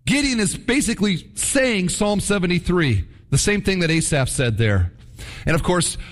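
A man preaching a sermon in an animated, conversational storytelling manner. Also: high voice, in a large hall. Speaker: pastor.

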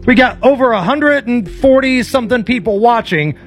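A man's voice: very high voice, expressive, normal speed, faint music behind. A man co-hosting a sports talk radio show in a radio studio, hyped and enthusiastic.

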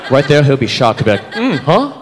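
A man in his thirties performing a stand-up comedy set, animated and jumping into character voices. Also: medium pitch, fast talker. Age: 30s. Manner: animated, switches into voices for bits. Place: comedy club stage with live audience. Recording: reverberant club, audience laughter, room noise.

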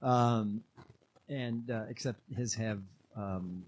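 A man's voice: lowish voice, slow pace, a little hiss or hum. A man co-hosting a podcast, chatting casually and hesitantly with many fillers. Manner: hesitant, lots of uh and um. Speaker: podcast co-host. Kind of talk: casual chat.

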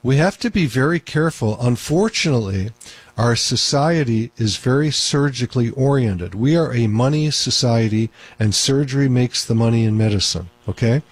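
Husky male call-in radio host. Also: mid-range voice, expressive, moderate pace, dry recording. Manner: talkative, emphatic, repeats points. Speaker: radio show host, doctor.

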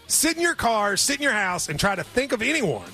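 A man's voice: high voice, sing-song, bright, forceful tone, soft background music. A man hosting a sports radio show, chatting casually and joking about betting picks. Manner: joking, offhand, quick asides.

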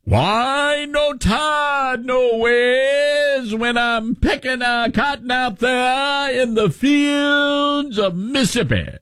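A man mimicking a female politician in an exaggerated, slow, folksy Southern drawl to mock her. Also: very high-pitched, fairly bright tone, clear, resonant tone, no room sound, studio quality, voice pushed up, full character voice.

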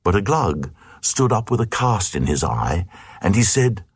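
A man's voice: low-pitched, sing-song, measured pace, breathy edge, dry recording, clean studio sound. A man reading a comic narrative poem aloud in a rhythmic, sing-song recitation.

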